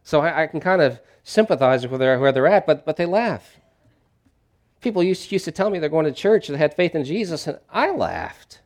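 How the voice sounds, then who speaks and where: A middle-aged man preaching a sermon in a conversational way, swinging between loud emphatic lines and quiet ones. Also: fairly high pitch, very animated, moderate pace. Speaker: pastor.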